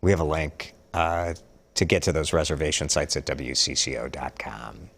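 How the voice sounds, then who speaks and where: A man's voice: rumbling low, normal speed, gravelly, a bit bright, slightly rough. A man hosting a casual morning news update, chatty and upbeat, reading out viewer comments with joking asides.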